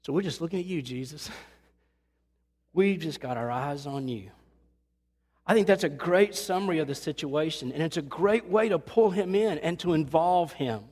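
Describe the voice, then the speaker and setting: A man preaching a conversational sermon to his church, earnest and animated, acting out the voices of people he quotes. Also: moderate pace, long reverb tail. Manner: earnest, conversational, acts out quotes with rising pitch. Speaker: pastor. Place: church sanctuary.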